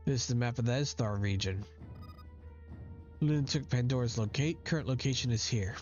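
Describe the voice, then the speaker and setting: A man's voice: mid-range voice, moderate pace, lightly acted. A man reading as a fussy eccentric doctor. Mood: explaining. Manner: reads game dialogue aloud. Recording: dull lo-fi recording with faint game music.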